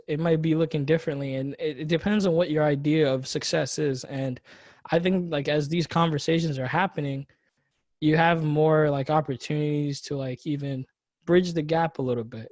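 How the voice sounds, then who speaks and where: A man's voice: on the high side, a little mellow, no room sound. A young man hosting a casual podcast conversation, rambling with lots of fillers and restarts. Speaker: podcast host.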